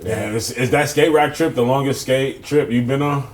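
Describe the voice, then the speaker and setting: A man's voice: mid-range voice, moderate pace. A man in casual chat who mostly chimes in with short agreeing replies and questions.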